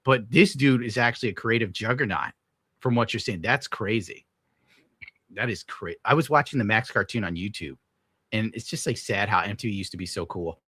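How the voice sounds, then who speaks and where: A man's voice: normal speed, sharp tone, husky, dry recording, studio quality. A young adult man hosting a casual stream, ranting in an exasperated, sarcastic way with frequent swearing and sudden jumps into outrage. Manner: exasperated, sarcastic, swears often, bursts into high-pitched outrage. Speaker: podcast host. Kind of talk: casual livestream rant.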